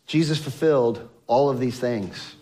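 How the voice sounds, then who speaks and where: Slow-talking, emphatic male preacher. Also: medium pitch. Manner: emphatic, rising to exclamations and dropping to hushed tones; acts out quoted speech of biblical figures. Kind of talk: sermon.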